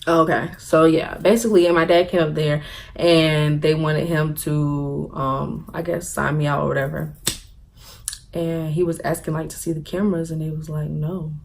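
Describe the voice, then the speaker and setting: A young woman tells a story-time vlog in a lively, animated way, laughing at her own jokes and acting out what people said. Her voice sits a little low for a woman. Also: normal speed, vocal fry, slight background noise. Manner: animated, laughing, acts out quotes. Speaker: vlogger.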